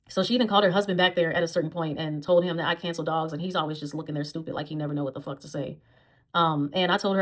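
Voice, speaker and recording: A woman's voice: lowish voice, fairly bright tone. A woman, a dog groomer, telling a blunt, profane storytime vlog about her old job.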